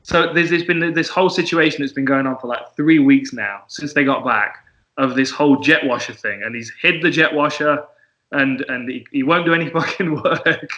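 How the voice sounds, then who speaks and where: A man's voice: on the high side, normal speed, pushed and bright, dull audio. A man hosting a podcast, telling sweary stories and laughing often in casual chat. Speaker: podcast host.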